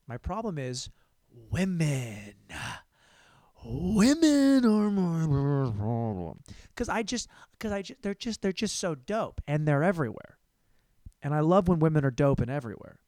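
A man's voice: medium pitch, a little mellow, dry recording, studio quality. A young man hosting a comedy podcast, telling a crude, rambling story and repeating words for laughs.

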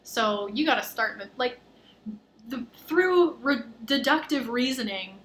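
A young adult woman hosting a podcast, telling a travel story in lively, casual chat full of fillers. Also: a little high, unhurried, slight background noise. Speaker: podcast host.

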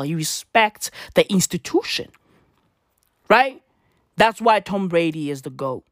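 A man's voice: a little high, fairly bright tone, no echo, clean studio sound. A man ranting comedically and profanely, full of slang and repeated rhetorical questions. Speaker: vlogger. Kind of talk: comedic rant. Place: in South Africa.

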